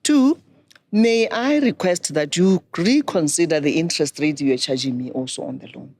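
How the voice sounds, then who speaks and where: A middle-aged woman, a banking expert giving measured, instructive advice. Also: low voice, expressive, darkish tone. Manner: measured, instructive, poses questions to listeners. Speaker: banking and microfinance expert guest. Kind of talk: explanatory advice talk.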